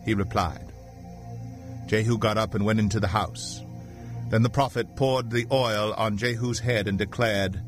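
A man narrating a scripture passage in a steady, even reading voice. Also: lowish voice, moderate pace, soft background music.

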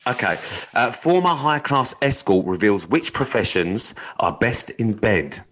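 A man's voice: medium pitch, expressive, unhurried, a bit bright, poor audio. A man co-hosting a podcast, swearing bluntly in casual chat and reading out dating news items with teasing comments. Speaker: podcast co-host.

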